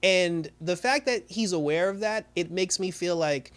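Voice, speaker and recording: A man's voice: high voice, a little slow, a bit bright. A man giving a casual recap of a TV episode, rambling along with many fillers. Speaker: TV show reviewer.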